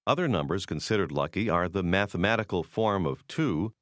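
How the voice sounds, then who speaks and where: A man with a very low voice narrates a language lesson in a measured, explanatory way. His pitch moves a lot as he explains, and the recording is dry and close. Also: expressive, fairly bright tone, dry recording. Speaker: course narrator. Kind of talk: scripted language-course narration.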